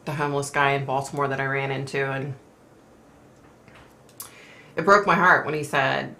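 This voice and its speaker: A woman's voice: a bass voice, fairly even intonation, moderate pace, bright, forceful tone. A middle-aged woman hosting a casual live stream, talking in an emotional, rambling way with sighs and fillers. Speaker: host reading viewer comments.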